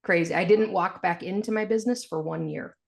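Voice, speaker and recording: A low-pitched woman with a gravelly texture speaks as a guest on a podcast. She tells her story frankly and with animation, laughing easily even through hard memories. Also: fairly quick. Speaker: podcast guest, financial planner. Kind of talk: candid storytelling interview.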